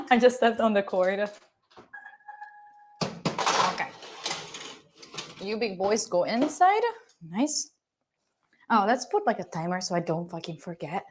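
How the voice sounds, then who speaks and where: A young woman from Italy streams from her home kitchen as she cooks, speaking with an Italian accent. Her medium-pitched voice is expressive but slow, with long pauses, and she's chatty and playful, teasing viewers and swearing casually.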